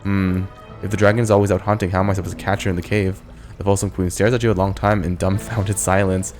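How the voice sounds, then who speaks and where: A man's voice: low-pitched, little pitch movement, quick pace, darkish tone. A man hosting a let's play, reading game text aloud and adding casual, joking asides. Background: game music.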